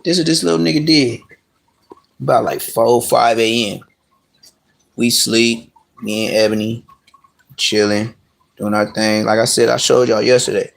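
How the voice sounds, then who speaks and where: A man's voice: medium pitch, fairly even intonation, unhurried, creaky, pauses often. Man rambling on a live stream. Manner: rambling, profane, slangy. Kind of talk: casual live-stream chat. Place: at home with his dogs.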